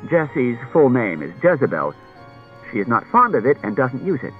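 Man doing a tired detective, low, short and restrained, kinda impatient. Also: sing-song, moderate pace, faint music behind, close to an everyday voice. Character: tired, impatient middle-aged male detective. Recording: dull lo-fi audiobook recording.

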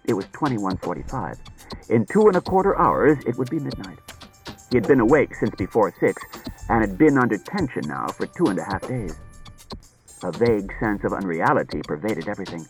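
A man narrating an audiobook in a dramatic, expressive reading style. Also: fairly low pitch, brisk, faint music behind.

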